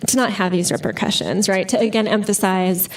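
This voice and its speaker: A woman author talks through her stories with quick, lively energy, scattering "like" and "you know" as she goes. Her voice sits at a middle pitch. The mic sits some way off in a bookstore with an audience. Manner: animated storyteller, full of "like" and "you know". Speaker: author guest. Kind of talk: live interview conversation. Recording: distant mic at live event.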